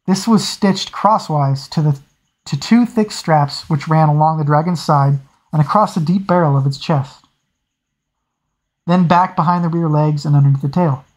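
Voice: mid-range voice, a little mellow, poor audio. A hobby reader narrating a fantasy novel aloud, often stumbling over words and correcting itself. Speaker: audiobook reader.

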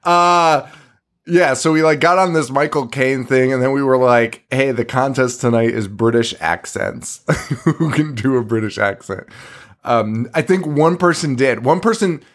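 A man's voice: medium pitch, unhurried. A young man chats loosely as a podcast co-host. He swears freely and laughs often between thoughts. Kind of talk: casual podcast chat.

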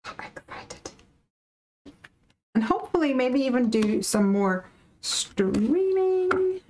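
A woman's voice: high-pitched, very animated, slow, dark tone, a little hiss or hum, poor audio. A woman from the UK hosting a live craft stream, chatting casually and animatedly with viewers and reading out their comments.

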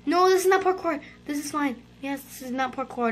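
Excitable high-voiced female gamer. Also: fairly quick, few pauses. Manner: excitable, shrieking and chattering to viewers. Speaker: gaming channel host. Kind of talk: let's-play commentary.

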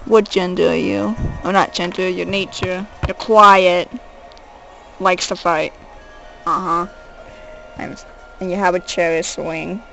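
A woman's voice: on the low side, fairly even intonation, slow, vocal fry, pauses often, fairly bright tone, low-quality recording. A woman groaning, whining and being sarcastic while streaming a handheld game at home. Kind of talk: live game stream commentary. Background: faint game music.

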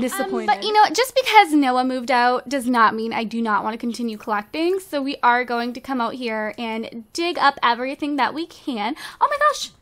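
A woman's voice: sits high, fairly bright tone. A woman casually commenting as she plays a life-sim game, bubbly and giggly as she gushes over how cute things are. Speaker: let's play host.

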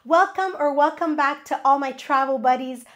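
Woman, nasal from a cold, high voice, upbeat instructive host, scripted tips. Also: normal speed, a bit bright, faint music behind. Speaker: travel vlog host.

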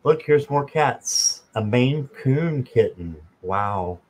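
A man hosting a live stream, chatting slowly and casually with viewers by name and joking as he goes. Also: mid-range voice, lively intonation, a little mellow, low-quality recording. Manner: slow, chatty, talks to viewers by name, jokes. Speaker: tarot reader and channel host.

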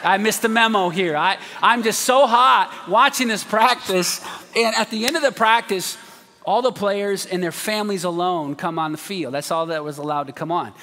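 A man preaching a sermon as a pastor, telling a story with acted quotes in an animated way. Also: high voice, normal speed, long reverb tail. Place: large church auditorium.

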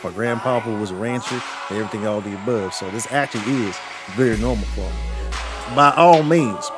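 A man's voice: on the low side, a little fast, over loud music. A man with a Texan accent, chatting and joking in a hammed-up country drawl while streaming a game. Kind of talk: casual gaming chat.

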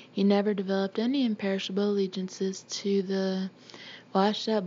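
A woman reading a novel aloud in a steady, measured way, now and then clearing her throat. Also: mid-range voice, dull audio, slight background noise. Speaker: audiobook reader.

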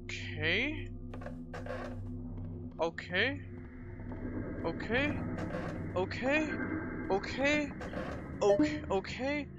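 A man commenting on a horror game as he plays, easily frightened, repeating himself over and over and yelling and swearing in alarm. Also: very high-pitched, expressive, very slow, long pauses, very noisy. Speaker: gaming channel host. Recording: dull lo-fi with game music. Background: game soundtrack music.

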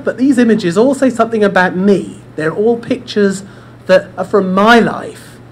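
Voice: medium pitch, a little hiss or hum. A speaker giving a forum talk, chatty, often repeating words and addressing the audience directly, in an indoor room. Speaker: speaker at a dementia care forum. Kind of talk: presentation with personal storytelling.

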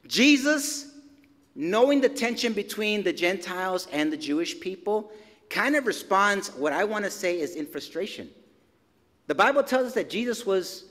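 A man with a notably high voice preaches to his congregation, keeping it casual and chatty, with slang and punchy repetition. His words ring out with a long reverb from the church sanctuary. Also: fairly bright tone. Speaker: pastor. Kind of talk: sermon.

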